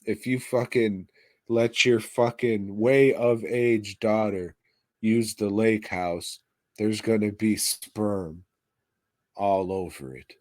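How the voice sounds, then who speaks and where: A man's voice: lowish voice, fairly even intonation, slow, dry recording. A man co-hosting a podcast, reviewing a movie in casual chat with crude, sarcastic, swear-heavy remarks. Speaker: podcast co-host. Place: podcast studio.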